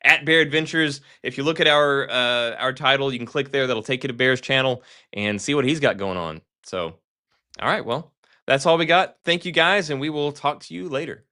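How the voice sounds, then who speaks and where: Male podcast host, mid pitch, bright tone, rambling self-correcting banter. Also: normal speed. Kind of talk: casual chat.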